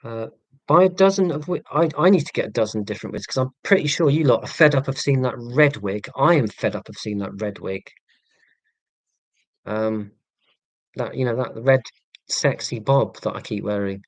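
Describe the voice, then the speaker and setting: A man chatting casually on a live stream in a flat monotone, with a dry, self-deprecating sense of humour. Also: mid-range voice, normal speed, dry recording. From England. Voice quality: monotone delivery.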